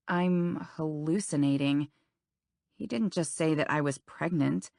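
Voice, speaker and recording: Romance audiobook narrator, young woman, low and gravelly, intimate first-person read. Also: measured pace, darkish tone, no echo, studio quality. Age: young adult.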